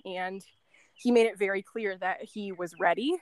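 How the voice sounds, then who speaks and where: A woman's voice: medium pitch, moderate pace, dry recording. A woman being interviewed, telling a story casually, with lots of "like" and "um" and small laughs between thoughts. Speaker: guest, former end-of-life caregiver.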